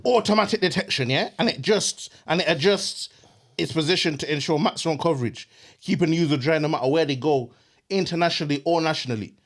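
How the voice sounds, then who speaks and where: A young man, co-hosting a comedy podcast and doing a slangy mock business pitch. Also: fast. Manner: slangy, giggling fits, sleep-deprived. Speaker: podcast co-host.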